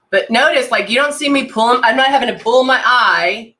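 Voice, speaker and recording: A woman's voice: fairly high pitch, fairly quick, pushed and bright. A woman chatting casually on a live stream as she demonstrates makeup. She talks chattily and with enthusiasm, and reads out viewer comments as she goes. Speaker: makeup consultant hosting a live demo.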